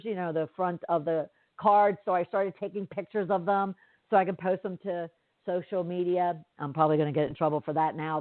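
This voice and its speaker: Over a dry, tinny line that sounds like a phone, a woman with a lowish voice hosts a podcast and tells a story. She rambles in a chatty way, full of fillers and asides, in a casual monologue with no room sound.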